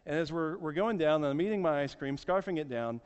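A man's voice: on the high side, expressive, a little fast, clean tone. A man in his forties preaching a sermon, telling a story earnestly and often repeating words. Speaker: pastor. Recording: echoey hall, dull sound.

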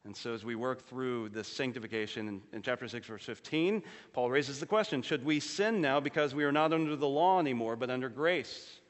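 A man preaching a sermon as pastor, earnestly rising for emphasis and dropping to a low, quiet voice on solemn points. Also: fairly quick, few pauses. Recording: long hall reverb.

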